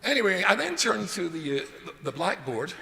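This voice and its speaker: Lively rabbi telling jokes. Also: male voice, high-pitched, a little fast, gravelly. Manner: jokey, self-deprecating, animated. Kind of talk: humorous lecture with storytelling. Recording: reverberant hall with faint noise.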